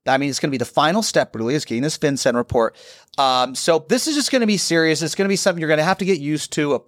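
Dude cohosting a business podcast, talks quick and pushy, dry room. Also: male voice, a little high, no echo. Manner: brisk, insistent advisory tone. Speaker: podcast co-host, business lawyer. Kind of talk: casual podcast chat.

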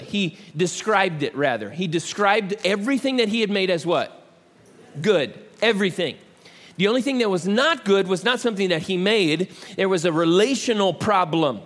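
A male pastor preaching a conversational, humorous sermon and asking the audience questions. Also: high-pitched. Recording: echoey hall.

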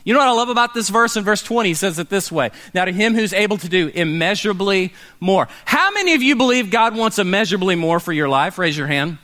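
Casting: male pastor, high bright voice, lively preaching that plays out quoted people. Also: quick pace, few pauses. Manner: animated, acts out quoted people, calls for responses. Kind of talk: sermon. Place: church meeting in a warehouse.

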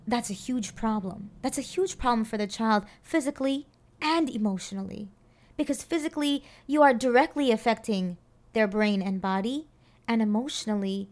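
A woman's voice: fairly high pitch, darkish tone. Earnest woman talking about parenting. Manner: earnest, repeats phrases and checks in with "right?". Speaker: parenting speaker. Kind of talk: reflective monologue on parenting.

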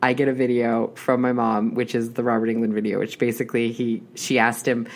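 Woman, very deep voice, casual storytelling, rambling, lots of fillers. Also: level tone, brisk, darkish tone. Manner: chatty, rambling with many restarts and fillers. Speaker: horror podcast host.

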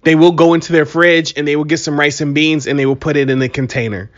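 Animated, joking man on dull audio. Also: a little high, quick pace. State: allergies, voice a bit strained. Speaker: podcast host. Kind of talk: casual solo podcast monologue.

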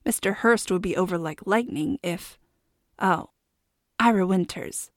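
A woman narrating a novel in a steady, expressive reading voice. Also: lowish voice, measured pace, no room sound, studio quality. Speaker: audiobook narrator. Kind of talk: scripted narration.

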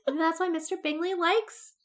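A woman's voice: very high voice, steady tone, normal speed. A young woman chatting casually about film adaptations, curious and asking playful questions.

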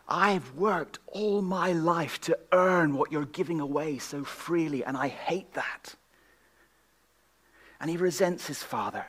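A man preaching a sermon at a church gathering, swinging from loud emphatic questions to hushed, whispered lines. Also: fairly high pitch. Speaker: guest preacher.

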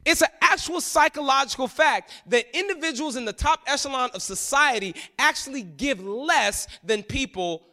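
High bright-voiced preaching man. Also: expressive, normal speed, few pauses. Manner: dynamic preaching, swinging from loud to hushed. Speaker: pastor. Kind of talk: sermon.

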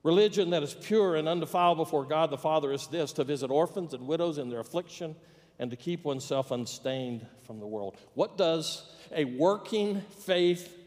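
A man preaching in a church, his voice a bit higher than most men's. He tells a story with dry humor and acts out its voices. A long reverb from the hall trails after his words. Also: a little mellow. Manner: storytelling, plays out quoted voices with jokes. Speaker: pastor. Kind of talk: sermon. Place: church sanctuary.

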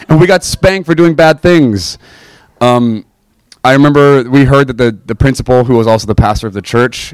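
A young man casually telling a personal faith story to listeners, animated and self-mocking, often checking in with "right?". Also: mid-range voice, clean tone, no echo.

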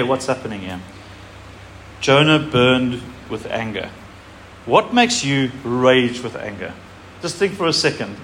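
A man's voice: medium pitch, fairly bright tone, a little hiss or hum. A man pastor giving a sermon, reading scripture aloud with emphasis and speaking animatedly to a congregation.

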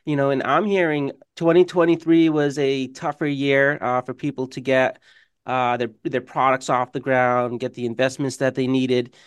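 A man's voice: medium pitch, level tone, normal speed, smooth, dry recording. A man co-hosting an interview, asking polite questions with a few hesitant fillers over a video call. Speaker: guest co-host.

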